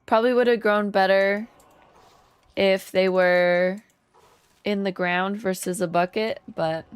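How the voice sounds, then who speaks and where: A woman game streamer chatting casually on a live stream, relaxed and chatty, talking to her chat and humming along while she plays. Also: medium pitch, slow, clear, resonant tone, no room sound.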